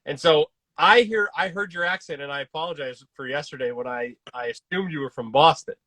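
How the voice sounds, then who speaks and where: Young male host from Kansas, slightly high and bright voice, dry close sound, eager and keen. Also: a little fast, dry recording. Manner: eager, enthusiastic. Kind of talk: casual interview chat.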